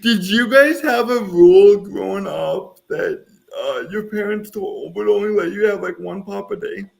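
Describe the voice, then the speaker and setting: Brief: man in his 30s from the Midwest, high voice with a gravelly fry, rambling podcast co-host. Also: animated, a little slow, darkish tone. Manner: rambling, self-deprecating. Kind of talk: casual chat.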